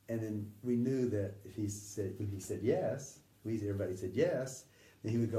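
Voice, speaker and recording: A middle-aged man recounting memories in a halting, conversational way, often acting out the voices he quotes and sometimes dropping to a near whisper. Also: fairly low pitch, expressive, mellow. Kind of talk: conversational anecdote telling. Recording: distant roomy recording with faint ambience.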